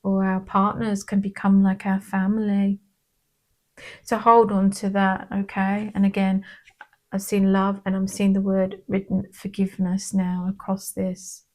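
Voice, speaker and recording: A woman giving a casual tarot card reading in a gentle, reassuring manner, often checking in with "okay?". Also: medium pitch, monotone, measured pace.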